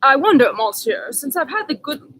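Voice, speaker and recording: A woman's voice: high-pitched, big pitch swings, moderate pace, fairly bright tone, slight background noise. A woman reading the part of an anxious, haggard young male French tutor, courteous and hesitant.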